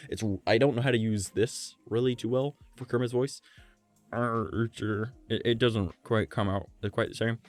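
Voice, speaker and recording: A man streaming from home, chatting casually with a gravelly, vibrating voice, rambling and swearing. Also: medium pitch, steady tone, normal speed, faint music behind. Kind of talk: casual live-stream chat.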